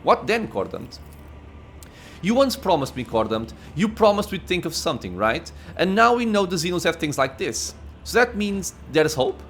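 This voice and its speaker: A man's voice: high-pitched, sing-song, moderate pace, fairly bright tone, slight background noise, pitched above the performer's own voice, heavily acted. A man reading aloud the lines of a troubled, defiant woman psyker from a video game, in a slightly raised voice. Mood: uneasy. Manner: reads dialogue aloud in a slightly raised, lightly acted voice.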